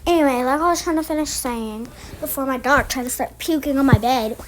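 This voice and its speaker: A high-pitched woman with a drawl chats through a casual storytime vlog. She rambles and circles back, restarting her sentences as she goes. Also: brisk, a little hiss or hum, low-quality recording. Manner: rambling, chatty, with many restarts and fillers. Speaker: vlogger.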